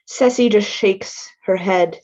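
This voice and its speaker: A woman playing in a tabletop game, speaking softly and earnestly. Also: mid-range voice, slow pace. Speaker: player. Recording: dull, lo-fi mic.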